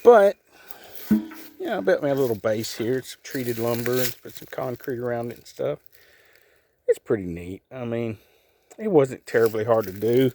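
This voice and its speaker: A man's voice: mid-range voice, expressive, normal speed, pauses often, background noise. Man, casual folksy vlogger, mid-range voice, meandering delivery. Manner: folksy, rambling, chats to his cats. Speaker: homeowner showing his projects. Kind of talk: casual rambling vlog narration.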